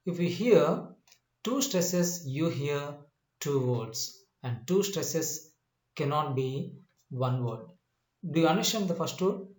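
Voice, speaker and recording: A male English teacher walking through a slide-based lesson in a slow, deliberate way, repeating his points and pausing often with "uh" and "you know.". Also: on the high side, animated, a little mellow. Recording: echoey room.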